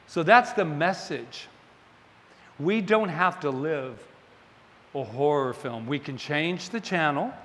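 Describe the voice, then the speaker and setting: A man giving a sermon as a minister, telling a story in an animated, playful way. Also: medium pitch, slight background noise. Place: spiritual center sanctuary. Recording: long hall reverb, faint ambience.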